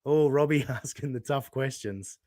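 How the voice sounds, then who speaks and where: A man's voice: mid-range voice, moderate pace, a little mellow, dry recording, clean studio sound. A man from Australia hosting a casual chat, laughing often and swearing as he reacts. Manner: laughing, swearing, reads out viewer tips. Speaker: host. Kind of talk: casual chat over a watched stream.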